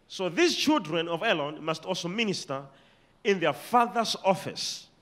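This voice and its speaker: A Malawian preacher gives an animated sermon in a bright, forceful, high-sitting voice, ranging widely in pitch and loudness. He reads scripture slowly and has the congregation repeat and underline key words.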